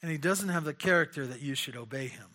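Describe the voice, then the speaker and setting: A man's voice: on the high side, fast talker, sharp tone. A man preaching a conversational sermon, asking rhetorical questions and often repeating his words.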